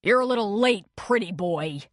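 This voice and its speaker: A woman's voice: mid-range voice, lively intonation, moderate pace, dry recording, studio quality, natural voice. Woman voicing a furious nasal brother with a broken nose. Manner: yelling, threatening.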